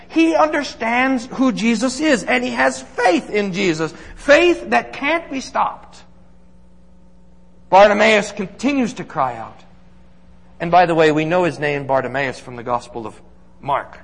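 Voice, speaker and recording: A man's voice: high voice, big pitch swings, measured pace, vocal fry, a bit bright. A man preaching as a pastor, earnest and emphatic, building points through repeated lists in a sermon. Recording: long reverb of a large hall.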